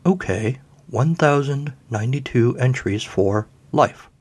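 Man voicing a phone assistant, polite, flat, accentless, husky undertone. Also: medium pitch, a little slow. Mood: bland. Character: phone voice assistant, pleasant, literal-minded.

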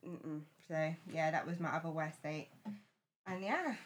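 A woman's voice: sits low, measured pace. A young woman telling a date story in casual chat, acting out quotes and laughing often.

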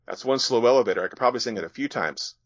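A restless young woman robot pilot, bold and teasing, as a man reads her aloud. Her voice sits a little higher than his usual tone, and the recording is dull and dry. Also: animated, very fast, no echo, close to an everyday voice.

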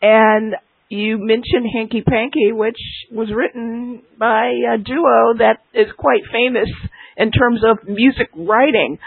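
A woman's voice: a little high, steady tone, takes it slowly, creaky, breathy edge, dry recording. A woman interviewing a guest on the radio, asking long winding questions over a tinny phone line.

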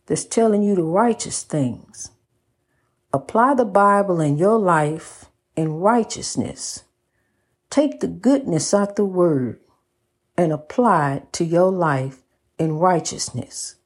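A woman's voice: on the low side, expressive, slow pace, pauses often, darkish tone, breathy edge. A woman giving a motivational, preachy talk, repeating phrases in a rhythmic cadence with casual asides.

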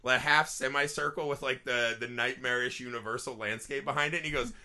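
A man's voice: mid-range voice, fairly even intonation, a little fast, crowd noise. A man co-hosting a movie podcast, telling stories in casual chat, swearing often and laughing through his lines, who grew up in a small farm town. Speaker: podcast co-host.

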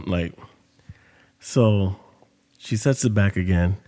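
A man's voice: on the low side, unhurried, warm tone, in a large hall. A man hosting a podcast, telling a story in casual monologue with loose, profane street talk. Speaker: podcast host.

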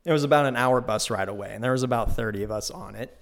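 A man hosting his own podcast, telling a trip story in a casual, profane, animated way from a new, unfurnished home studio. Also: medium pitch, fast talker, gravelly. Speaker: podcast host. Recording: echoey bare room.

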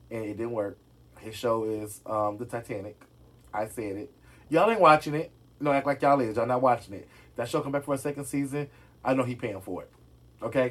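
A man with a husky, slightly breathy voice at an ordinary middle pitch. He dishes celebrity gossip in a loose, casual vlog, sassy and talking straight to his viewers as if they were friends in the room. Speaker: gossip vlogger.

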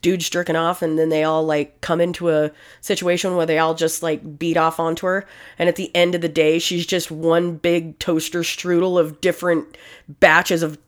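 A woman's voice: low-pitched, level tone, moderate pace. A young adult woman in casual, crude chat, telling blunt, profane stories and laughing often.

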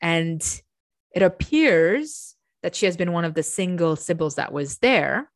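A woman's voice: on the low side, animated, a little slow, no room sound, clean studio sound. A woman hosting a chatty lecture, ranting at times and often restarting her words. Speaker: host. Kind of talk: casual lecture.

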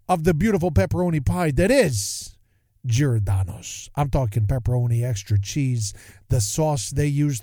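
A man hosting his podcast in a casual monologue, rambling and animated, often interrupting himself. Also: fairly high pitch, no room sound, clean studio sound. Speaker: podcast host.

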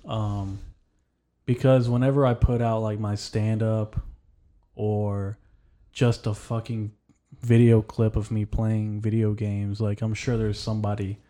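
A man's voice: fairly low pitch, level tone, a little slow, warm tone. A man hosting a casual podcast chat, rambling and swearing freely. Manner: rambling and heavily profane. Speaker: podcast host. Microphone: headphones and studio mic.

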